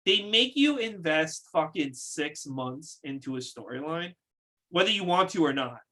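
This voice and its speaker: Man, podcast co-host, exasperated profane rant, bright tense tone. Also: fairly high pitch, lively intonation, measured pace. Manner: exasperated ranting, profane, repeats himself. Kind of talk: casual wrestling recap chat.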